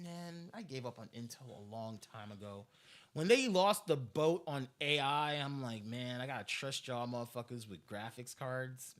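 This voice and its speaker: A man's voice: medium pitch, a bit bright. A man ranting on a live stream, heated and profane, repeating himself as he vents.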